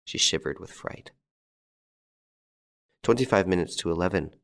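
Deep-voiced male audiobook narrator. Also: vocal fry, fairly bright tone.

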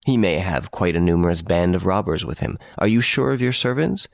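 A man voicing a gruff, impatient middle-aged detective who speaks curtly and gives orders in an audiobook. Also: low voice, lively intonation, brisk. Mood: commanding. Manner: curt, brusque, commanding. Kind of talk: audiobook character voice.

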